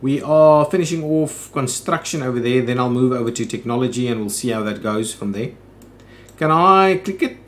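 A man's voice: mid-range voice, moderate pace. A man hosting a let's play, thinking aloud in casual commentary with frequent "ooh"s and "um"s.

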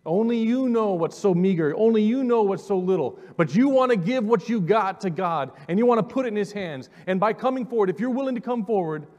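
A man's voice: sits high, animated, a little fast, hardly any pauses, darkish tone, dull audio. A pastor in his forties preaching a sermon with a personal testimony, earnest, repeating words and inviting the congregation forward. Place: church sanctuary. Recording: long reverb of a church hall.

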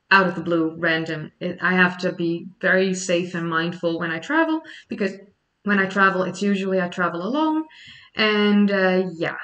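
Dutch woman, young adult, mid pitch, casual chatty livestream host, sitting back from the mic. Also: fairly bright tone, far from the mic, poor audio. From Netherlands. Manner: chatty, explains at length. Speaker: history YouTuber. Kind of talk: casual livestream chat answering questions.

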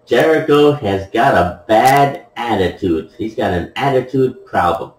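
Male gamer commentator, unhurried and playful, laughs a lot, echoey room, far from the mic. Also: fairly low pitch, expressive, slight background noise. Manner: playful, laughs at his own jokes. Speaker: gameplay commentator. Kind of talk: casual joking commentary over a replay.

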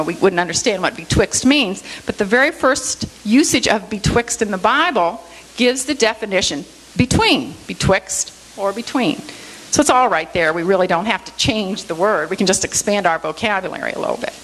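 A woman's voice: medium pitch, fairly bright tone, rough recording. A woman giving a church Bible study lecture, explaining word meanings and checking in with her listeners with a frequent "okay?", with light self-deprecating humor.

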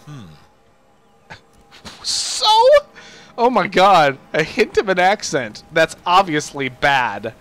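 Excitable joking young man gaming. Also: on the high side, extremely slow, pauses often, faint music behind. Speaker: gamer. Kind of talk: let's play commentary.

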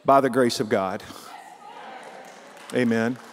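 A man's voice: mid-range voice, slow pace, in a large hall. A man preaching a sermon as pastor, in a folksy, emphatic way full of rhetorical questions.

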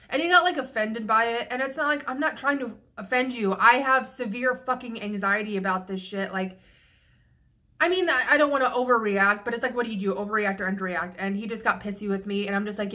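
A young woman talks straight to camera in a rambling, profane vent, doubling back on herself mid-sentence. Her voice sits a bit high and rings bright and sharp, and she sounds a little tipsy. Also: fast. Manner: frank and profane, rambling with restarts. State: slightly tipsy. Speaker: vlogger. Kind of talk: casual venting monologue.

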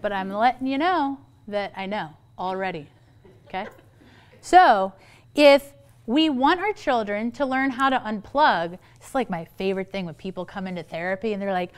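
Middle-aged woman therapist chatting to a room of parents, smooth clear voice, funny, does little voices for people. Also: medium pitch, normal speed. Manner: humorous, chatty, acts out quoted people. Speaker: family therapist giving a parenting talk. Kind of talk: lively talk to an audience of parents.

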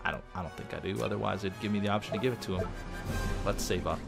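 A man's voice: lowish voice, vocal fry. A man casually commentating a video game as he plays, chatty and easygoing. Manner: easygoing, chatty, quick reactions. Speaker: let's play gamer. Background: game music.

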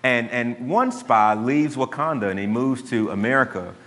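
A man, a pastor giving a sermon and telling a story in a relaxed, conversational way. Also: medium pitch, moderate pace. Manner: conversational storytelling, dry asides to the congregation. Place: church sanctuary. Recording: long church hall reverb.

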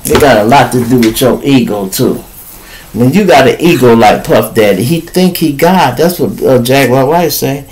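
A man's voice: mid-range voice, animated, moderate pace, a little mellow, low-quality recording. A man from Chicago hosting a podcast, giving casual, profane commentary and acting out quoted people in raised voices. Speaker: podcast host.

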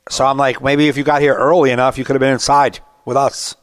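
Comic in his thirties, mid-pitched, dry booth sound, lively war-story delivery. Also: fast talker, no room sound. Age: 30s. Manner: animated storyteller, acts out rants. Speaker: stand-up comedian, podcast co-host. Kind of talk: casual podcast chat.

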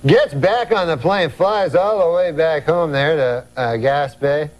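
Rambling high-voiced comedian telling a joke. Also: male voice, unhurried. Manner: rambling deadpan joke-telling, chuckles at own lines. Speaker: comedian guest. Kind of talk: talk show storytelling.

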